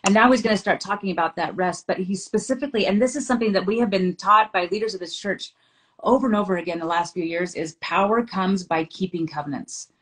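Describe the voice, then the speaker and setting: A woman's voice: medium pitch, fast talker, low-quality recording. A middle-aged woman hosting a scripture study discussion. She talks in an earnest way, reads passages aloud and tells family anecdotes. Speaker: host.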